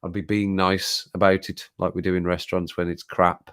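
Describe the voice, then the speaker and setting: Chatty British man, low voice. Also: fairly even intonation, a little fast, few pauses, fairly bright tone, smooth. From Britain. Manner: chatty, rambling, laughs often, repeats himself. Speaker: YouTube channel host. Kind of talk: casual live-stream chat. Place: home, sitting at desk.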